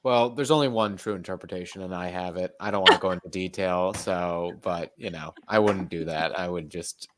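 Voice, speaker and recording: A man in a casual group discussion, playful and joking with deadpan asides. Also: low-pitched, normal speed, hardly any pauses, heavy background noise. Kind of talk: casual group video chat.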